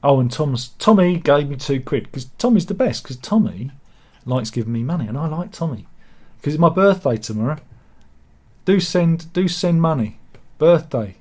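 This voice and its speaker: A man's voice: a little high, expressive, moderate pace, a little mellow. Rambling man in casual chat. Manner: rambling, jokey, self-mocking asides. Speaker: host of a satirical news chat show. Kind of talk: casual chat, reading out viewer comments.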